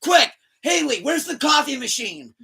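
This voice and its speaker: A man voicing a panicked young male pop star who wakes up in another man's body, shouting in a high, strained voice. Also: moderate pace, gravelly, husky, full character voice. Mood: frantic.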